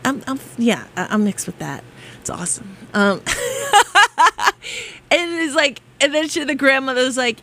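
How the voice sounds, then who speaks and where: A woman hosting a casual chat. She talks in a chatty, rambling and animated way and laughs easily. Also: high-pitched, normal speed.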